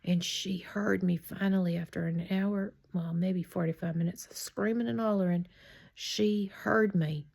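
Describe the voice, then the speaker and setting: A middle-aged woman telling a true story in a chatty, rambling way, often dropping into a hushed whisper. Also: lowish voice, fairly even intonation, measured pace, gravelly. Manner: chatty and digressive. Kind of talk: casual spoken storytime.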